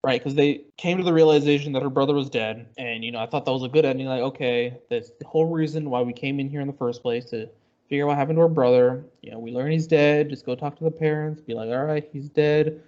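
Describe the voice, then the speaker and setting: A man's voice: mid-range voice, fast, darkish tone. Man, podcast co-host, casual rambling recap, lots of fillers, dull lo-fi sound. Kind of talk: casual chat.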